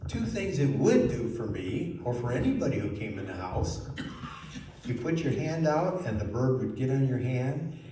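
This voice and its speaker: A man's voice: medium pitch, normal speed. Man telling a story in an echoey room. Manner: lively, asks the listeners questions. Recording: very echoey room, mic far off, faint noise.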